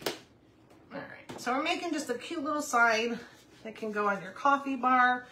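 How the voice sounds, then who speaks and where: Bright-voiced woman livestreaming her crafting. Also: high-pitched, moderate pace, a little hiss or hum. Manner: chatty, reads viewer comments aloud, talks to her puppy. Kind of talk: casual livestream crafting chat.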